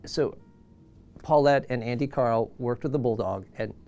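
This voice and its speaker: A man in his sixties, an animal trainer, telling an anecdote in an animated way and acting out the voices of the people in it. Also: medium pitch, unhurried, a little hiss or hum. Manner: animated, acts out quoted voices. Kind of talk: storytelling anecdote.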